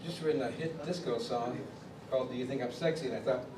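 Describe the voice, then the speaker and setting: A man from Chicago tells stories at a drum clinic in an animated way, acting out the people he quotes. His voice sits at an average pitch. He is picked up from across an echoey room with steady background noise. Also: fast talker, distant mic. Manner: animated storyteller who acts out others' quotes. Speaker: drummer telling his story at a clinic. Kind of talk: storytelling interview.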